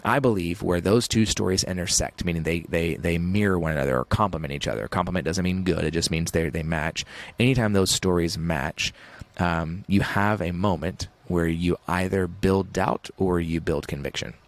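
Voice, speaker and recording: A man's voice: deep voice, normal speed. A man in his thirties, an author talking as a guest in an interview, intense and emphatic, repeating phrases for effect. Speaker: author and podcast host, guest. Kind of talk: interview guest on a talk show.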